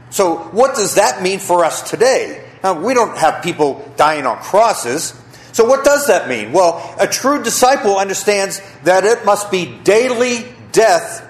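A man preaching a sermon as pastor, telling a story and asking the congregation rhetorical questions. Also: fairly high pitch.

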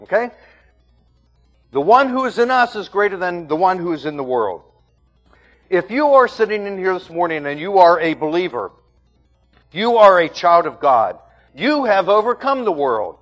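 A man's voice: high-pitched, sing-song, normal speed, pauses often, a bit bright, faint music behind. A man preaching a sermon as pastor, emphatic and repetitive, building points in phrases.

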